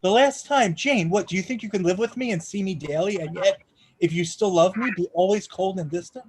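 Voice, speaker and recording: A man reading the part of a passionate, brooding gentleman in an audiobook, with an impassioned, pleading delivery. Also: sits high, brisk, a little hiss or hum, natural voice. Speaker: reader in a charity readathon.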